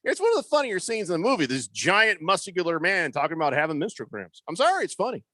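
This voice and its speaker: A man's voice: high-pitched, sing-song, fast, pushed and bright, no room sound. A man hosting a sports talk radio show, joking and reading listener texts aloud in a studio. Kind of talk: casual sports radio banter.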